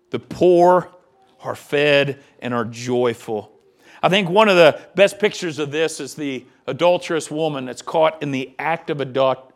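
A man preaching a sermon as pastor, with impassioned delivery that swings between loud and hushed. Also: mid-range voice.

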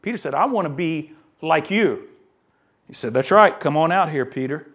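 A male pastor delivers a sermon in a high, light voice. He is animated and dramatic, acting out the people in the scripture he reads and moving from hushed asides to loud emphatic lines. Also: moderate pace, slightly rough. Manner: animated preaching, acts out quoted voices, swings from soft asides to loud emphasis.

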